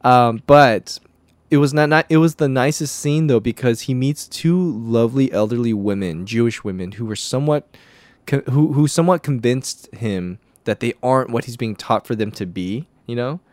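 A man co-hosting a casual film review podcast, with a medium-pitched voice and a dry, close sound. He talks loosely and animatedly, acting out quoted lines with sudden jumps in pitch. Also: normal speed, darkish tone, no echo. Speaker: podcast co-host.

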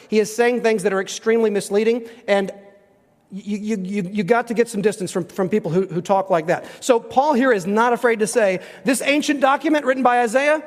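A man with a very high voice preaches from the pulpit, emphatic and conversational. He drops into a slow, careful pace when he reads scripture. His words ring out with a long reverb in a church sanctuary. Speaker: pastor. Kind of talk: sermon. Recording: reverberant hall.

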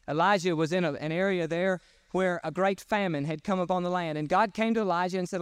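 A man's voice: sits high, quick pace, clean tone, no room sound, studio quality. A man preaching a sermon at a church service, emphatic and folksy as he retells Bible stories. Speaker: pastor.

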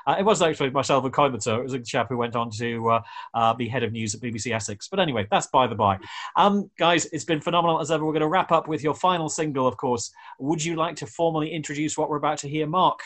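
Fast-talking chatty radio host man. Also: on the high side, a bit bright. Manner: rambling, jokey asides.

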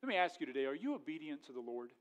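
A man's voice: on the high side, very animated, racing. Man preaching a fiery sermon. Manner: preaching with rising intensity, then dropping quiet; reads scripture aloud in old-fashioned wording. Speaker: pastor.

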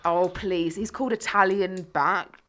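A woman co-hosting a fitness podcast, chatting casually in a sweary, sarcastic and animated way. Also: fairly low pitch, a little slow. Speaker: podcast co-host, fitness coach. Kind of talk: casual chat.

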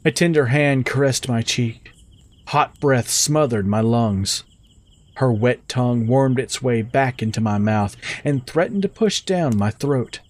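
A man telling a story in the first person with steady, measured scripted narration. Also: medium pitch.

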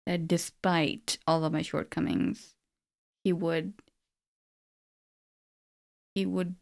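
A woman's voice: low voice, slow, vocal fry, a little mellow. A woman co-hosting a casual chat, telling personal stories in an earnest, reflective way. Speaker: podcast co-host.

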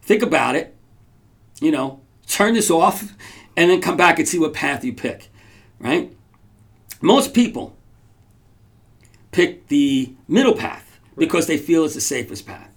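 A man's voice: on the high side, very animated, a little slow, vocal fry, pauses often. A man hosting a podcast, telling a story casually to his audience in a rambling way, with restarts and frequent checks like "right?". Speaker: podcast host.

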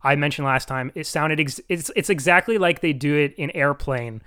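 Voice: medium pitch, moderate pace, fairly bright tone, dry recording. Dry-toned podcast co-host. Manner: dry, brief interjections. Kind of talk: casual movie review chat.

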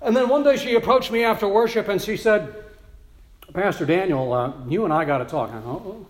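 A man's voice: high voice, very animated, fast talker, reverberant. A man preaching a sermon as pastor, telling stories in a chatty way with many asides. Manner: conversational storytelling with many asides.

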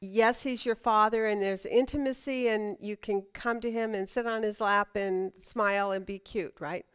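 A woman's voice: medium pitch, steady tone, moderate pace, clean tone. A middle-aged woman leading a Bible study lesson, talking conversationally, asking the class questions and often restarting her sentences.

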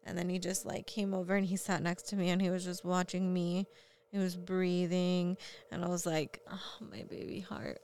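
A woman's voice: fairly low pitch, monotone, normal speed, a little mellow. A young woman and parent, chatting casually and telling a candid story with frequent fillers. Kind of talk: casual chat.

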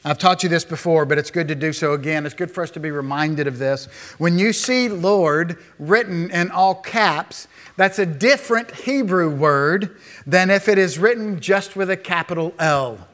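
A man with a somewhat high voice preaches a sermon. He moves between quiet, earnest passages and raised, emphatic declarations, teaching his congregation as he goes. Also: moderate pace. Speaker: pastor.

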